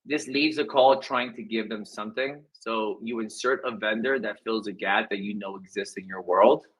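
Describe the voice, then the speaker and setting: A man's voice: moderate pace, low-quality recording. A man coaching real estate agents in a casual, slangy way, acting out phone script lines with big swings in his voice. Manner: energetic, slangy, acts out script lines with big pitch jumps.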